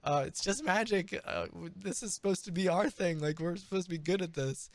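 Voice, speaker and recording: A man's voice: high-pitched, brisk, no echo, voice pushed up. A man voicing an exasperated male band member urging his bandmates to snap out of it. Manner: urgent, pleading.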